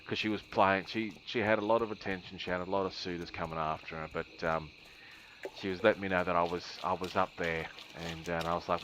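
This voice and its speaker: A man's voice: deep voice, steady tone, brisk, fairly bright tone, a little hiss or hum. A man streaming a game, telling a long rambling story with laughs and many ums.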